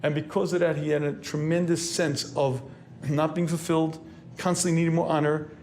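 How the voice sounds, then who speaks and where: A rabbi delivers a sermon, a man with a somewhat high voice speaking in an earnest, lecturing way. He clears his throat often between phrases. Faint noise sits under the recording. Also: level tone, brisk, darkish tone.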